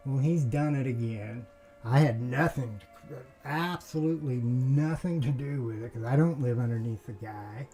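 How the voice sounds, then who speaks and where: A man speaks slowly in a dark, mellow voice while he tells a personal grievance as a casual monologue. He rambles and circles back, restarting his sentences, and throws in a curse now and then. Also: medium pitch, low-quality recording. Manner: rambling, restarts, swears, aggrieved. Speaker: vlogger.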